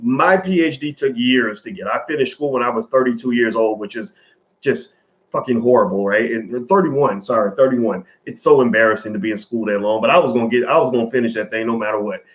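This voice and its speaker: A man's voice: mid-range voice, brisk, lo-fi sound. A man in his forties giving casual, rambling commentary straight to his viewers, swearing freely.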